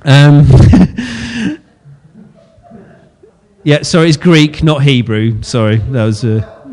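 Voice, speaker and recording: A man's voice: mid-range voice, a little slow, darkish tone. A man preaching a sermon in a chatty, self-deprecating way, laughing often at his own slips.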